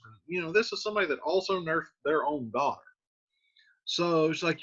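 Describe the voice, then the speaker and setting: A man's voice: fairly high pitch, fairly quick, fairly bright tone, husky. A man reading lines from an old play aloud, then paraphrasing them in casual modern slang, like a teacher. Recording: dull lo-fi sound.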